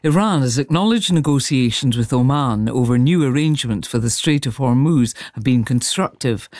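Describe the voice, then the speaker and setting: A man reading the news bulletin on the radio in a formal, measured way. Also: on the high side, a little mellow, no room sound, clean studio sound. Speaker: newsreader. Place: radio studio.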